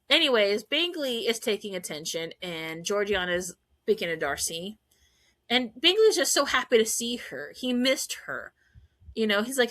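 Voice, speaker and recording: A woman hosting a podcast, gushing and laughing as she recaps scenes and acts out quotes in quick voices. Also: medium pitch, expressive, sharp tone. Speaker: podcast host. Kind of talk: excited fan recap chat.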